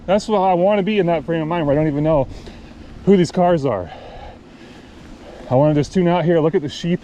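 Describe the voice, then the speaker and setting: A man's voice: on the high side, a little fast, mellow. A man casually telling a road story in a rambling, profane, amused way, recorded outdoors by a road. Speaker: cycling vlogger. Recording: clear outdoor traffic noise.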